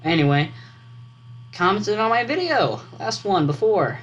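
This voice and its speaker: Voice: medium pitch, big pitch swings, measured pace, dull audio. A vlogger chatting casually as they write, thinking aloud and correcting themselves, over a computer fan's hum. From United States. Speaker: writing vlogger. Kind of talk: casual rambling vlog commentary. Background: loud computer fan hum.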